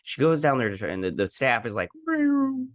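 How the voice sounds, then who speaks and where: A man rambles through a casual recap of an episode, quoting characters' lines with animation as host. He talks fast in a low voice that still moves through lively pitch changes, recorded close to the mic and completely dry.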